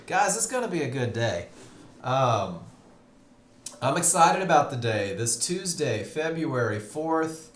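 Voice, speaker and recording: A man's voice: medium pitch, reverberant, slight background noise. Upbeat man greeting webinar viewers. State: tired, yawning. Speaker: trading class instructor. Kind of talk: live webinar teaching. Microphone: computer mic on a live stream.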